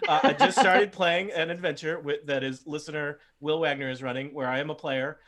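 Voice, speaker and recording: A man's voice: a little high, steady tone, fairly quick, fairly bright tone. A man running a tabletop game as game master, joking and poking fun at himself. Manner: joking, self-mocking. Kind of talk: casual tabletop game chat.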